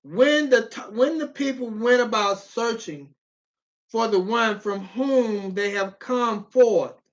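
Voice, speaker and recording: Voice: medium pitch, slow. Emphatic preacher, lo-fi recording. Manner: emphatic, pleading, with repeated phrases and bursts of shouting. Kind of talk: sermon with scripture reading.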